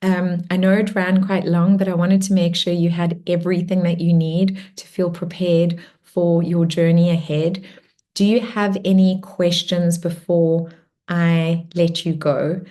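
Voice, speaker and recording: Gentle woman leading an online meditation group. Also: lowish voice, little pitch movement, a little slow. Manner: gentle, encouraging, reads out chat comments. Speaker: meditation and spiritual workshop leader. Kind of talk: guided meditation close and live group check-in.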